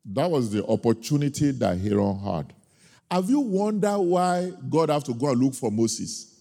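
A man preaching a sermon, telling a personal story with emphatic, drawn-out key points. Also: medium pitch, big pitch swings, vocal fry, warm tone. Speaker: pastor. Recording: long hall reverb.

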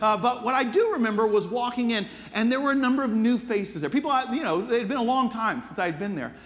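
A man's voice: extremely high pitch, lively intonation, fast talker, fairly bright tone, in a large hall. A man preaching a sermon as pastor, telling stories in an earnest, conversational way. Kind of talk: storytelling sermon.

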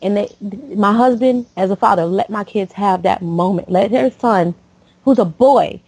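Brief: late-30s woman podcast host from Florida, meandering personal story, mid pitch, dry mic. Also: moderate pace, a little mellow, husky, no room sound, poor audio. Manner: rambling, with many fillers and restarts.

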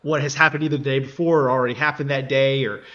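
A man's voice: medium pitch, fairly even intonation, fast, fairly bright tone, dull audio. A man, co-host of a faith podcast, reflecting earnestly in casual chat, full of you know and like.

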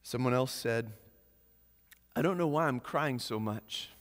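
Male pastor preaching, earnest, goes soft and slow on the big lines, bit of long reverb. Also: medium pitch. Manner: earnest, slows and softens on key phrases. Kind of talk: sermon.

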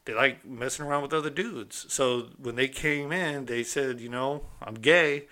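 A man's voice: medium pitch, moderate pace, pushed and bright. A man casually telling a story from his own past in a streetwise, conversational way, often checking in with the listener. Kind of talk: casual first-person storytelling.

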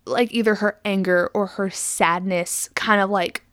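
A woman's voice: medium pitch, a little slow, no echo. Chatty woman podcaster, dry close sound. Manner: chatty, animated retelling with many "like" fillers and acted-out quotes. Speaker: podcast co-host. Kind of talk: casual film discussion.

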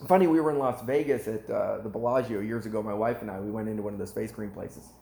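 A man preaching a sermon as animated storytelling, his voice climbing high whenever he gets excited. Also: fast, creaky, few pauses, a little hiss or hum. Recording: echoey room.

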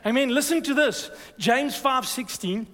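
A man preaching a sermon as a pastor, energetic and exhorting, calling "amen" to the congregation. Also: extremely high pitch, measured pace. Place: church hall. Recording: reverberant church hall.

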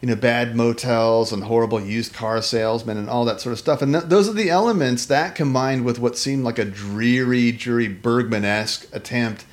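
Talking about a film on a podcast he co-hosts, this man keeps a moderate pace with barely a pause in his medium-pitched voice. He's animated and wandering, restarting often and using lots of fillers while voicing out the lines he quotes.

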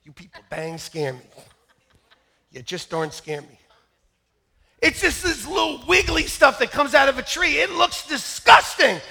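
A very high-pitched man preaching to his church with a bright, gravelly edge to his voice. He tells funny stories with wide swings in pitch and often bursts into loud shouts. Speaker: pastor. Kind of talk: comic storytelling sermon. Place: church service.

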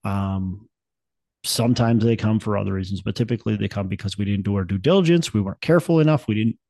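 A man's voice: lowish voice, fast, mellow, no echo. A man in his thirties from Minnesota, co-hosting a podcast in casual chat, rambling and upbeat with many restarts. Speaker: podcast co-host.

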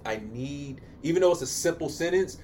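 A man's voice: on the high side, a little fast, darkish tone, slight background noise. A man co-hosting a casual podcast with his partner, talking in a laid-back, slangy way and drawing out words for emphasis. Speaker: podcast co-host. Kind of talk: casual couple chat.

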